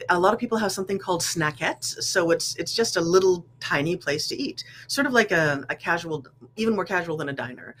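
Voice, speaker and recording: Chatty lady guest telling a funny story, lively, a bit of a hum in the background. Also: lowish voice, brisk, few pauses. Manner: chatty, lively, laughing now and then. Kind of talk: casual storytelling.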